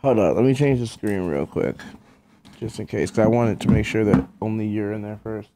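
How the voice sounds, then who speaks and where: A man co-hosting a casual chat while setting up a video game, laid-back, talking in quick asides. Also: fairly low pitch, very noisy. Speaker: co-host.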